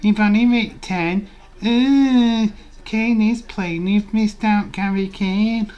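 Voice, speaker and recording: A high, nagging voice of a crybaby stream viewer whines in a mocking sing-song , put on by a man. It sits well above his usual pitch and comes out loud and pleading. It is exaggerated, petulant and teasing. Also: steady tone, slow, muffled recording. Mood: whining. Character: whiny crying male stream viewer, nagging.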